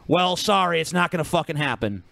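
A man's voice: on the high side, animated, brisk, creaky, a bit bright, dry recording. Profane, combative man ranting on a podcast. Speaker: podcast co-host. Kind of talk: profane casual chat.

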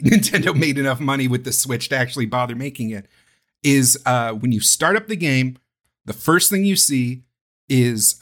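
A male podcast host in casual, rambling chat, animated and loose, with the odd swear. His voice sits a bit high for a man.

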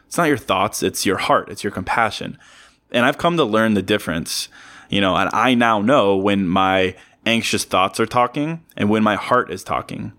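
A man speaks alone on his podcast in a fairly low voice, gently motivational and earnest. He circles back over his points, repeating words for emphasis. Now and then he breaks the sincerity with a quick self-aware joke. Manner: earnest, repetitive, joking asides. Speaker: podcast host. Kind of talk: casual motivational monologue.

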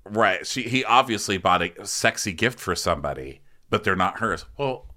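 A man's voice: lowish voice, lively intonation, moderate pace, sharp tone. A man hosting a podcast, rambling through a comedic recap and laughing often. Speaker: podcast host.

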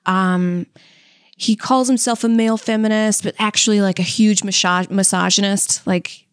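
A woman's voice: mid-range voice, fairly even intonation, moderate pace, clear, resonant tone, dry recording, clean studio sound. A young woman from Louisiana, a comedian and podcast co-host, telling candid stories in a chatty, profane way and laughing often. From Louisiana, US South. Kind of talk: candid casual storytelling with stand-up jokes.

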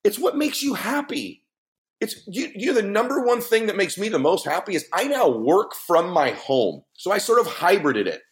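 A middle-aged man speaking as a guest on a podcast, telling a personal story in an earnest, emphatic way with big swings in pitch. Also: very animated, moderate pace. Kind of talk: heartfelt podcast conversation.

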